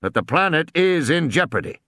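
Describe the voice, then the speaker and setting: Man voicing a pompous old gentleman, stiff, lively pitch, audiobook. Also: normal speed, no room sound, clean studio sound, heavily acted.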